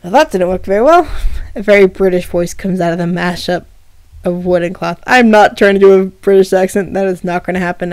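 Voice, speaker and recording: A woman's voice: on the low side, darkish tone, dry recording. A woman reading her own fan fiction aloud on a livestream, breaking off for casual asides with fillers. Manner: casual asides with fillers between story passages.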